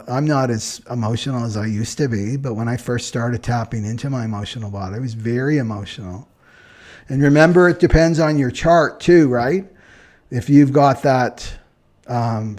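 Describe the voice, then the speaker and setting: A man in a relaxed live-stream talk, reading out viewer comments and talking through astrology charts. His voice sits at an ordinary middle pitch for a man. He talks loosely and conversationally, tagging "right?" onto his thoughts and laughing lightly. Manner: relaxed and chatty, keeps adding "right?" with short laughs.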